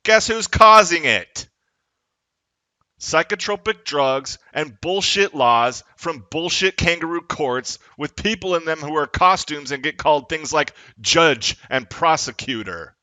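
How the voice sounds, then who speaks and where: A man delivering an angry, profane, confrontational political rant as a vlogger, at times rising to shouts. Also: a little high, measured pace, few pauses, no echo.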